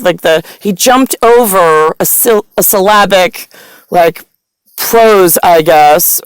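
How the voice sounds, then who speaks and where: A woman vlogger telling a rambling, profane personal story, at times breaking into loud rants. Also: fairly low pitch, no room sound, poor audio.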